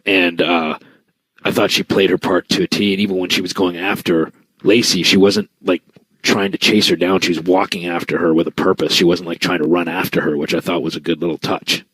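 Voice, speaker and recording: A man with a low, husky voice co-hosting a podcast. He talks in an easygoing way, leaning on "you know" often. The recording is dry and close. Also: little pitch movement, a little fast, a bit bright, no room sound, low-quality recording. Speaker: podcast co-host. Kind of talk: casual wrestling talk.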